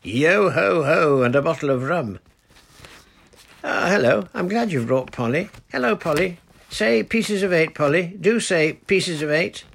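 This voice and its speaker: Man voicing a rowdy young boy pirate, loud, high, gravelly edge. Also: lively intonation, normal speed, full character voice. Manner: loud, boisterous, singsong.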